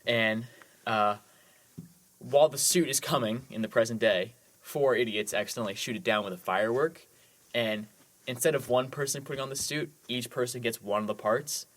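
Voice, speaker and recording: A man's voice: mid-range voice, normal speed, fairly bright tone. A man co-hosting a movie podcast, chatting casually and eagerly with lots of "like"s as he recaps films. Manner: enthusiastic, rambling with many "like"s. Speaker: podcast co-host.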